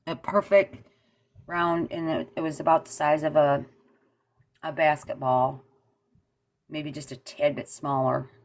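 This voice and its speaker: A woman with a very low voice calls in and tells her strange experience conversationally. She grows animated, slipping into the voices of the people in her story. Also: unhurried, pauses often. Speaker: caller. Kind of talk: casual storytelling.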